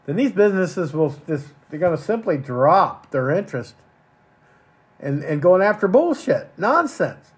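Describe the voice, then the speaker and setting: A man's voice: high voice, sing-song, measured pace, breathy edge. A man hosting a podcast in an angry, crude ranting monologue, cursing often and stumbling over repeated words. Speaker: podcast host.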